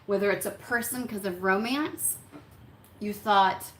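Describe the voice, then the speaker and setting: A woman's voice: mid-range voice, fairly even intonation, a little slow, a bit bright. A woman giving a casual tarot reading, chatty and blunt, swearing freely and acting out what her listeners think. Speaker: tarot reader. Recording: echoey room with faint background hum.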